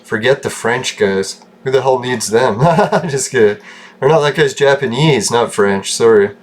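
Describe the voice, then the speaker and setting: A man's voice: mid-range voice, moderate pace. A man from Canada giving rambling, casual commentary over gameplay, joking, swearing and laughing often. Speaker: gaming channel host.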